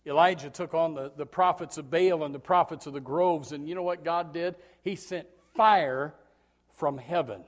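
A middle-aged male pastor preaching a sermon, animated, swinging from loud bursts to hushed tones. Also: a little high, normal speed. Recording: long hall reverb.

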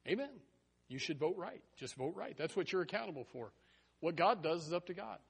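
A man preaching a sermon in a folksy, animated way, full of rhetorical questions and chuckling asides. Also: sits high, a little fast, vocal fry, breathy edge.

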